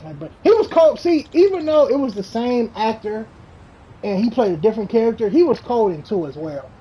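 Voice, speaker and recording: A game streamer chatting casually and telling stories in an animated, rambling way, with lots of slang and swearing. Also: mid-range voice, brisk, slight background noise, low-quality recording. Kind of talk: casual chat while streaming.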